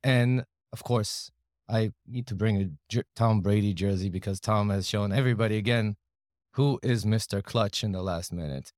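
A man's voice: fairly low pitch, moderate pace, darkish tone, dry recording, studio quality. A man co-hosting a podcast, bantering playfully in casual conversation. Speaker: podcast co-host.

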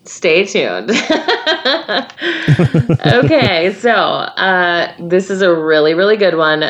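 Low-voiced woman podcast co-host, teasing. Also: lively intonation, slow pace, muffled recording. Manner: laughs often, teasing. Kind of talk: casual chat. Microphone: studio microphone.

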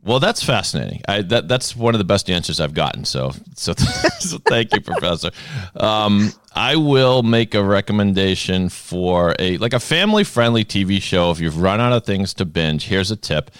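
A man's voice: on the low side, very animated, normal speed, fairly bright tone, clean tone, no echo, clean studio sound. A man with a Boston accent hosting a podcast, chatting in a jokey, rambling way with many restarts. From Boston area. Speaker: podcast host. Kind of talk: casual chat.

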